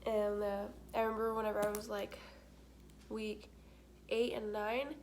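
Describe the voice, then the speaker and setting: A woman's voice: medium pitch, level tone, a little slow, a little mellow, a little hiss or hum. A young adult woman vlogging in casual chat, candid and talkative, with frequent filler words.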